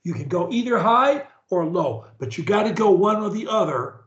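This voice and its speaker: Male speech coach, high lively voice, slow and directive, roomy lo-fi recording. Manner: directive, models words slowly for repetition. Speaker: speech therapist. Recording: roomy, dull lo-fi sound.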